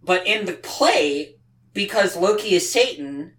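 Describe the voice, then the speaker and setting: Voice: medium pitch, animated, unhurried, a bit bright, poor audio. A podcast co-host in casual chat, rambling and sardonic, often breaking off mid-sentence. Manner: rambling, sardonic, self-interrupting.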